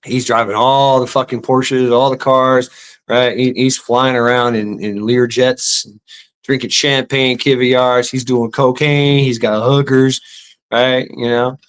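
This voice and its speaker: A man's voice: medium pitch, flat delivery, unhurried, clear, resonant tone. A man ranting casually and sarcastically as a vlogger, with lots of stammered repetitions and swearing. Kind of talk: casual profane rant.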